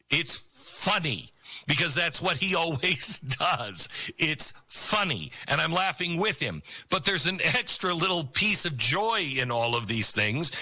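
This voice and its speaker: A man's voice: on the high side, bright, forceful tone. A middle-aged man hosting a political talk show, giving an opinionated monologue in a mocking tone, laughing often and repeating phrases for emphasis.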